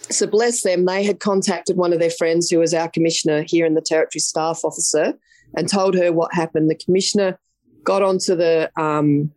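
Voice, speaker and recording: A woman's voice: on the low side, fairly even intonation, a little fast, darkish tone, dry recording. Australian woman telling a blunt story. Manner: vivid, blunt storytelling that acts out quoted dialogue. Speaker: podcast guest. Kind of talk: storytelling in a casual interview.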